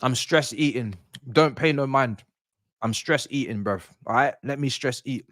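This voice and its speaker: A man's voice: mid-range voice, moderate pace, a bit bright, no echo, studio quality. A young man reacting live to a football match on stream, exasperated, swearing and ranting at the players. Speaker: watch-along streamer.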